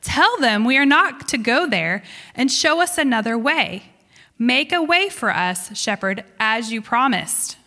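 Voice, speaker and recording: A woman's voice: fairly high pitch, animated, a little slow, pushed and bright, long reverb tail, exaggerated voice. A woman reading aloud as a fearful young female pilgrim, pleading and despairing as she questions her guide.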